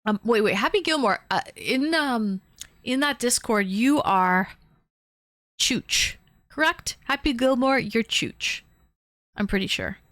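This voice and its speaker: A woman's voice: on the high side, lively intonation, takes it slowly, fairly bright tone, no echo, clean studio sound. A young woman from the Toronto area, live-streaming and chatting casually, thanking viewers by name with plenty of fillers. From Canada, Toronto area.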